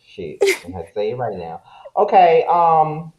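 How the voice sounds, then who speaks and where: A man's voice: on the high side, normal speed. A man hosting a casual interview show, joking around and using slang. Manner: lively, joking, uses slang. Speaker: show host. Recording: roomy, dull sound.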